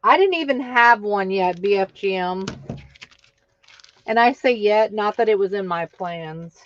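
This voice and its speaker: A woman hosting an online craft market live stream, exuberant and cheering winners with loud whoops. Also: medium pitch, expressive, measured pace, muffled recording.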